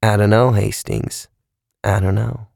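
A man narrating a story, voicing a frightened man who pleads in halting, strained bursts. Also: lowish voice, steady tone, vocal fry, a little mellow, no echo, studio quality, heavily acted. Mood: flat. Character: frightened man losing touch with reality.

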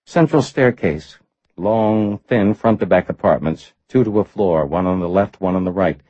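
A male narrator voicing a practical former FBI agent, a woman, speaking briskly and matter-of-factly in a slightly muffled audiobook recording. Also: low-pitched, dark tone, dry recording.

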